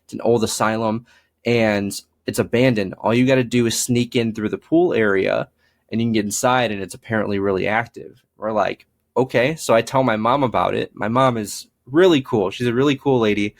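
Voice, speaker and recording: A man's voice: on the low side, fairly quick. A young man, a paranormal investigator, telling stories in a casual interview, with lots of fillers and acted-out quoted lines. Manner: rambling, frequent fillers, acts out quoted dialogue.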